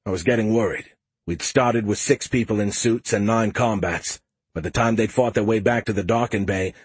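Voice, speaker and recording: A man narrating a science fiction audiobook in the first person at a steady, measured pace. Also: lowish voice, husky, dry recording.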